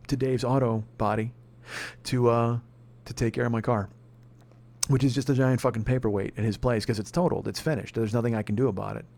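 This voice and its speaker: A man's voice: medium pitch, darkish tone. A man in his forties, a comedian hosting a podcast, telling a story in a heated, profane, exasperated rant. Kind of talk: ranting storytelling monologue.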